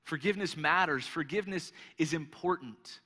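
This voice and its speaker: A young man preaching a sermon, telling a story with lively energy and often repeating words as he starts a thought. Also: on the high side, normal speed. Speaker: pastor. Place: church hall. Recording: long reverb of a large hall.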